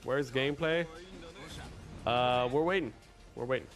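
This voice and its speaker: A man's voice: mid-range voice, unhurried. Young guy streamer rambling to chat, faint music going. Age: young adult. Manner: chatty, rambling, talks to chat. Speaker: livestream host. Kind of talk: casual livestream chat.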